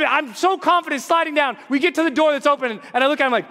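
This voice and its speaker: A man's voice: very high voice, fast talker. A man giving a motivational keynote, telling a story with energy and acting out voices and screams. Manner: animated, acts out voices and screams. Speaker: motivational speaker. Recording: live hall reverb, faint noise.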